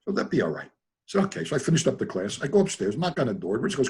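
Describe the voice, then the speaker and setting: An older man telling rambling stories in a casual, animated way over a video call. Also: medium pitch, racing, husky. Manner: animated, rambling, repeats himself. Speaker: guest trainer. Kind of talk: casual storytelling.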